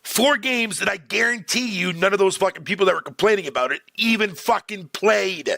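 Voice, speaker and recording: Dude ranting on his stream, cussing nonstop, bright voice, super dry mic. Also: high-pitched, a little fast, gravelly, no room sound. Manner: profane, exasperated ranting with frequent laughs; talks to chat viewers by name. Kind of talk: casual live-stream rant.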